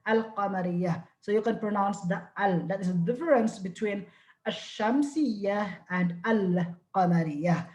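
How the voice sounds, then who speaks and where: A woman's voice: medium pitch, darkish tone. A woman teaching an online language lesson, with a voice that sits in the middle of the usual range. She explains step by step and says each example word twice. Her voice sounds echoey, as if she is in a bare room. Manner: explains slowly, repeats words for drilling. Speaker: Arabic teacher.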